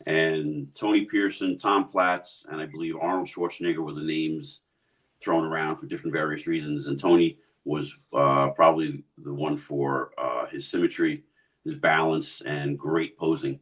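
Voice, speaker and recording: A man co-hosting a casual chat, eager and excited like a fan. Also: very deep voice, moderate pace. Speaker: co-host.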